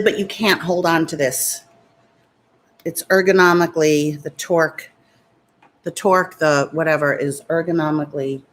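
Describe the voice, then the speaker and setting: A woman beauty vlogger chatting casually while doing her makeup and answering viewer comments in a defiant, talkative way. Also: on the low side. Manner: defiant, chatty, talks back to critics.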